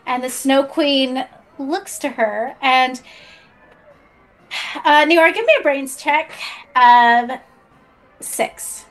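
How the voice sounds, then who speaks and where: High-voiced woman running a tabletop game. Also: slow, pauses often, fairly bright tone, faint music behind. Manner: laughing often, playing several characters. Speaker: game master. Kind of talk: narrating a tabletop role-playing game.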